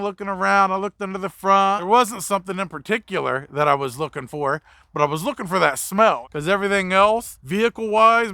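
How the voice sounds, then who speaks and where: A man's voice: high voice, bright, forceful tone, dry recording, clean studio sound. A young man, a mobile mechanic, telling a blunt, profane story in a casual vlog.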